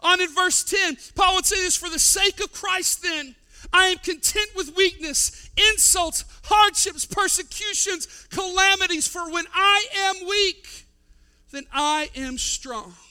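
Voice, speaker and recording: Male pastor, 30s, high bright voice, dynamic sermon delivery swinging loud to hushed. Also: unhurried.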